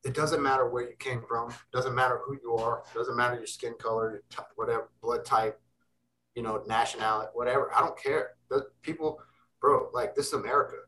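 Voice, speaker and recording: Young man, interview guest, intense and cussing, bright tense tone, set back from the mic. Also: medium pitch, fairly even intonation, a little fast, recorded from a distance, low-quality recording. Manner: intense, emphatic, swears freely. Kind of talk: casual interview talk.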